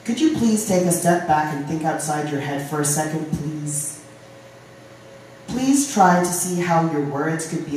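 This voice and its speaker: A poet from Ohio reading poems aloud at a live open mic, with halting, filler-laden chat between poems. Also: mid-range voice, darkish tone, a little hiss or hum. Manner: reads poems, chats with fillers between them. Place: live venue room. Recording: very echoey room from a distance.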